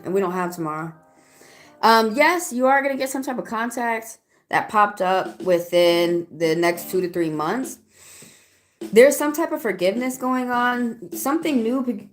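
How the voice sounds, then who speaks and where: A woman with a Southern US accent giving a live-stream tarot reading, chatty and outspoken as she talks straight to her chat. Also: fairly low pitch. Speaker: tarot reader. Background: faint background music.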